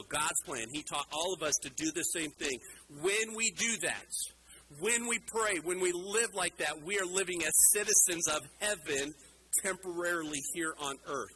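A man's fairly high-pitched voice comes through poor audio with slight background noise as he, a pastor, gives a children's sermon with a hands-on demonstration. Addressing the kids in the church directly, he stays playful and animated and teases a young helper.

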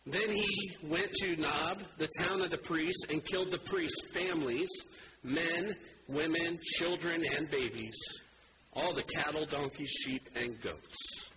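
Animated male preacher, noisy recording. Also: a little high, a little slow. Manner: animated, swings between loud and hushed. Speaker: pastor. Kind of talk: sermon.

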